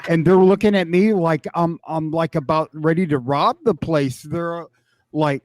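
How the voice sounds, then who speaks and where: A man's voice: a little high, normal speed, dry recording. A man co-hosting a podcast over a call, ranting in comic, profane complaints. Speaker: podcast co-host. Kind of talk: casual chat.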